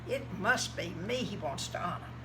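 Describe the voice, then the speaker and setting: A woman's voice: lowish voice, lively intonation, normal speed, background noise, close to an everyday voice. Woman doing a vain scheming adviser. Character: vain scheming adult male royal adviser.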